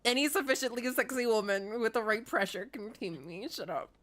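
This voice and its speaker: A young woman streaming a game live, chatting casually, laughing often and shouting playfully back at her chat. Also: a little high, brisk. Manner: giggly, playful, keeps yelling at chat.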